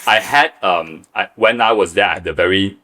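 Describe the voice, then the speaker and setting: A Malaysian man with a Malaysian accent hosting a podcast, relaxed and hesitant with many fillers. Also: low-pitched, fairly quick. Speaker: podcast host. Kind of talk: casual interview chat.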